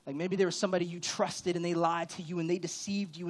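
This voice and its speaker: A man's voice: high voice, level tone, quick pace, hardly any pauses. A male pastor preaching a sermon in a candid, conversational way, with sudden emphatic rises. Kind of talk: church sermon.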